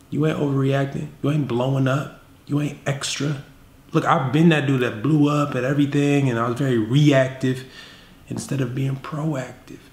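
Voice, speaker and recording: Slangy man giving blunt dating advice. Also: medium pitch. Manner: slangy, street-casual, direct. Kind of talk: casual advice vlog. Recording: roomy echo.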